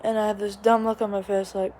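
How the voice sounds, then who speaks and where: A woman's voice: medium pitch, level tone, fast, mellow, slight background noise. A young woman vlogger telling a casual, rambling story at home, full of asides and quoted voices. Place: small home, living room.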